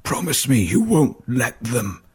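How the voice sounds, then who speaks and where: A man's voice: medium pitch, big pitch swings, a little slow, husky, voice pushed up, heavily acted. A man doing a dying old father, faint. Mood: urgent. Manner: faint, strained whispering.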